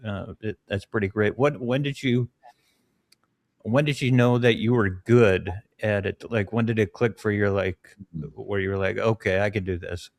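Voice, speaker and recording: Friendly male interviewer, low pitch, dry recording. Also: fairly even intonation, normal speed, vocal fry, dry recording. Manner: friendly, encouraging, with fillers. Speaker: host. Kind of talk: casual interview.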